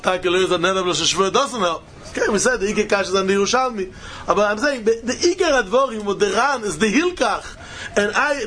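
High-pitched man teaching Talmud. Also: fairly bright tone, slight background noise. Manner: mixes Yiddish and Hebrew terms, sing-song rising questions. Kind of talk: Talmud study lecture.

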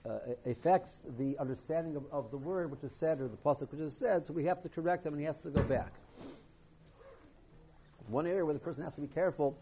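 A man giving an informal lesson on the laws of Torah reading, halting often and restarting his sentences. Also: a little high, mellow, breathy edge. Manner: halting, many restarts and repeated words. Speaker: Torah teacher. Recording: dull lo-fi recording.

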